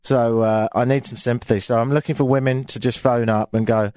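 A man's voice: mid-range voice, steady tone, fairly quick, darkish tone, dry recording. A man with a British accent hosting a talk radio show, chatting in a casual, self-mocking, grumbling way into a studio microphone.

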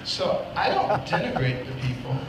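A man's voice: fairly high pitch, big pitch swings, moderate pace, gravelly. Man, public speech clip, folksy and meandering, roomy echo, noisy. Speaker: political candidate in archive clip. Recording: echoey noisy clip from a live event.

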